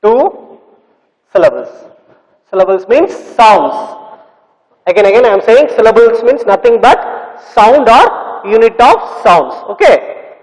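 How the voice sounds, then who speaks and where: A male teacher in a classroom, explaining slowly and repeating words and sounds for his students. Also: very high voice, animated, big-room sound, low-quality recording. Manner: slow, repetitive explaining with drawn-out sounds. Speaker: English teacher. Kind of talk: classroom lesson.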